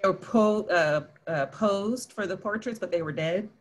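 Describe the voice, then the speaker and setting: A man co-hosting a casual movie talk show, playful and quick to joke. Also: high-pitched. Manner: playful, lapses into joke accents. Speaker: podcast co-host.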